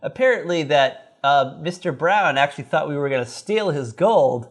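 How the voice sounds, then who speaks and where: A man co-hosting a podcast, talking through a recap in a loose, rambling way with frequent swearing. His voice sits a little high for a man and swings widely in pitch. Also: expressive, moderate pace. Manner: rambling, profane, acts out characters in high voices. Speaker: podcast co-host. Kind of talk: casual recap chat.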